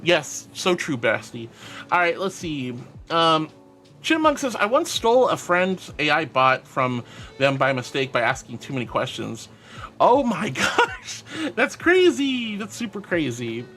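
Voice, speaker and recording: Man, live streamer, reads chat aloud, affectionate, lively swooping pitch, faint music underneath. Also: a little slow. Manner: bubbly, affectionate, calls viewers sweetie. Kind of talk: casual live-stream chat reading out chat messages.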